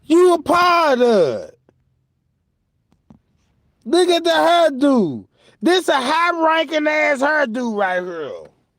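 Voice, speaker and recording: A man delivers mocking live commentary, slangy and full of laughter, unhurried, in a voice that sits high for a man. He drops into silly put-on voices for jokes. The sound is close and dry. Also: big pitch swings, a bit bright, dry recording. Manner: slips into mock voices for jokes. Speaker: commentary streamer.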